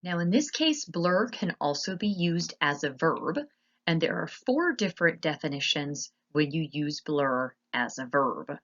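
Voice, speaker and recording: A woman teacher narrating a slide lesson, explaining patiently and spelling words out slowly. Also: deep voice, very animated, a bit bright, lo-fi sound.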